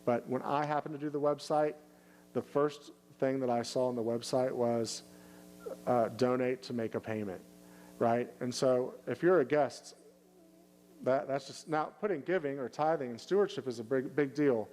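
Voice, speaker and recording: A man in the middle of the usual male pitch range, talking as a pastor at a Q&A. He stumbles and restarts often, then brightens into a lifted, upbeat tone when he acts out what people might say. A faint hum sits under the recording. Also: rough recording. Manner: halting, many restarts and fillers. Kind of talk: casual Q&A answer.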